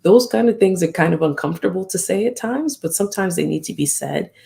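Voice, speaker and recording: Candid host with a gravelly edge. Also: medium pitch, lively intonation, quick pace, darkish tone. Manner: reflective, candid, acts out remembered exchanges. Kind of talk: casual live-stream talk.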